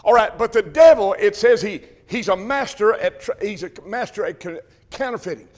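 A man preaching an emphatic sermon to his congregation, repeating phrases and rising to shouts. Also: high-pitched, expressive, normal speed. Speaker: Baptist preacher.

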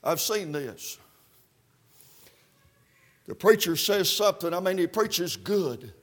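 Preacher man, high voice, fervent, lots of "uh, uh", revival sermon that builds to shouting. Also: animated, takes it slowly. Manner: fervent, peppered with "uh, uh", climbing to shouts. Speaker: Baptist preacher.

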